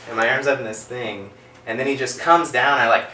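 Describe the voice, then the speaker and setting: A man telling a long casual story in a rambling, animated way, acting out quoted voices. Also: mid-range voice, a little fast, distant mic. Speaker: band guest. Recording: roomy sound from off-mic with faint hiss.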